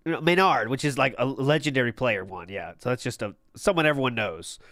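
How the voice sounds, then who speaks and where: A man's voice: mid-range voice, expressive, brisk, a bit bright, dry recording, clean studio sound. A man hosting a live watch-party stream, chatting casually with sarcastic, profane asides and frequent laughs.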